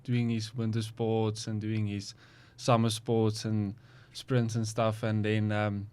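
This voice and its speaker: A man's voice: on the low side, completely flat delivery, takes it slowly, a little mellow, smooth. A young man, a guest athlete talking casually and hesitantly with many ums. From South Africa. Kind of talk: casual interview chat.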